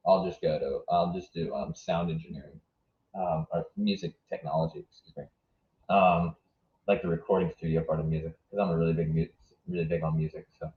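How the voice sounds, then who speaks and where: A young man streaming live, chatting casually with his viewers and hesitating often. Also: deep voice. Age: young adult. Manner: hesitant, lots of ums and restarts. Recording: roomy, dull lo-fi sound.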